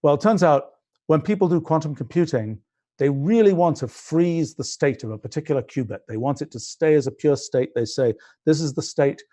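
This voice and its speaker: A man's voice: fairly high pitch, fairly quick, mellow. A British man in his sixties, a scientist explaining his physics project in a livestream, thinking aloud with many restarts and fillers. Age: 60s.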